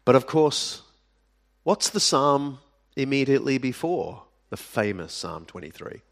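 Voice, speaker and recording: A man preaching a sermon, speaking deliberately with dramatic pauses and sudden drops to a hush. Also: medium pitch, sing-song, vocal fry. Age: adult. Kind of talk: sermon to a live audience.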